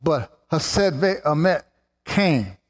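Male preacher, slow, deliberate delivery, slightly high voice, fervent sermon in a reverberant church hall. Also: big pitch swings. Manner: fervent, rising to exclamations and slowing for emphasis.

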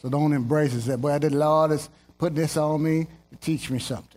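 High-voiced man preaching a sermon. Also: brisk. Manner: animated, jokey, jumps into playful voices; repeats lines for emphasis.

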